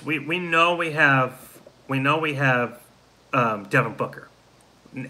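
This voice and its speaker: A man with a strikingly bright, sharp tone hosts a casual live stream. He talks in a worn-out, deflated way, reading viewer comments aloud and answering each one. His pitch sits in the middle. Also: low-quality recording. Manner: frustrated, deflated fan talk. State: tired, yawning. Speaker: host of a live fan show.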